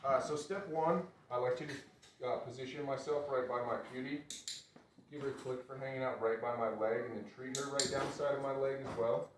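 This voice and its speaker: A man teaching dog obedience exercises in a relaxed, instructive way. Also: medium pitch, a little fast. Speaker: dog trainer. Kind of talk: outdoor training demonstration. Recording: roomy, distant mic with loud noise.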